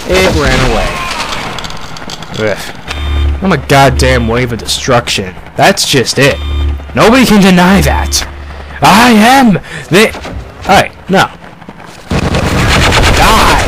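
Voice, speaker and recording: A young man talking through a game in character, swearing and sarcastic with sudden excited outbursts. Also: mid-range voice. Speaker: gamer playing a paranoid character. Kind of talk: in-character gameplay commentary. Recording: game gunfire noise behind voice.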